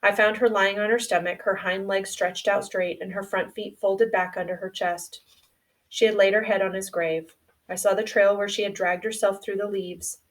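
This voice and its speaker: A woman reading a novel aloud in a quiet, subdued storytelling manner. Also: mid-range voice, steady tone, moderate pace, recorded from a distance. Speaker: audiobook reader.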